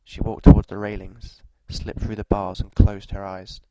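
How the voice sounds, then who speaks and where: A man narrating a scripted story in a measured, even delivery, with walking directions at the end. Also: lowish voice, very noisy.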